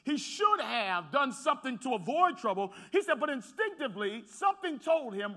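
Man, pastor, church sermon, very high voice, forceful tone, storytelling into shouting, repeated words, addresses congregation. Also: big pitch swings, normal speed. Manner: swings from quiet storytelling to shouted preaching; repeats words while building momentum.

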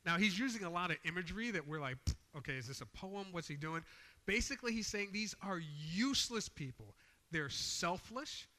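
A man's voice: sits high, lively intonation, normal speed, sharp tone, in a large hall. A man preaching a sermon, reading scripture aloud with rising emphasis and explaining it in a plain, conversational way.

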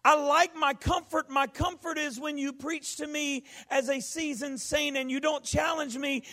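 A male pastor preaching a folksy sermon, rising to shouts. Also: very high voice, steady tone, moderate pace.

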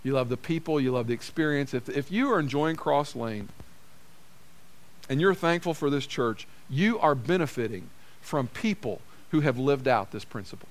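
A man's voice: mid-range voice, expressive, moderate pace. A man preaching a sermon as a pastor, in a conversational way, repeating phrases for emphasis. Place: church.

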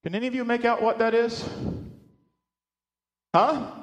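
A male pastor preaching a sermon, animated, often restarting words and asking his congregation questions. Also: very high-pitched, measured pace, reverberant. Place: church sanctuary with speakers.

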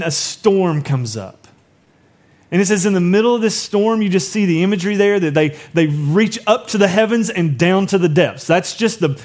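A male pastor preaching a sermon, chatty with asides, swinging between raised, urgent lines and soft, hushed emphasis. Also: sits high. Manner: conversational asides.

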